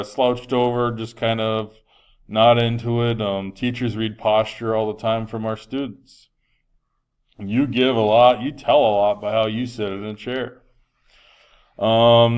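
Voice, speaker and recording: A man's voice: on the low side, darkish tone, clear, resonant tone. Man lecturing a health class. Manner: conversational, frequent um fillers, projecting voice. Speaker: health teacher.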